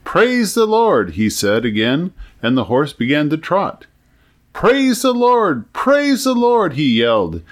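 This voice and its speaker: Earnest man hosting a faith podcast. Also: medium pitch. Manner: folksy, earnest storyteller, prays aloud. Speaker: podcast host. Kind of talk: religious podcast talk with a told joke.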